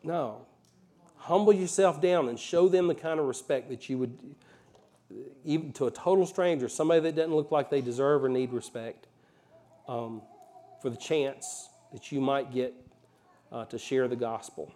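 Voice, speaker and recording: A pastor from Alabama with a mild Southern accent, preaching a conversational sermon with folksy asides and rising emphasis. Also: male voice, medium pitch, normal speed, warm tone.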